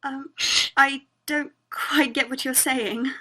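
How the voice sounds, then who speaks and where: A woman's voice: sits high, steady tone, slow pace, sharp tone, exaggerated voice. A student actress playing a painfully posh young English woman with a prim, giggly manner on a video call. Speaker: student actor. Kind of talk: online student theatre.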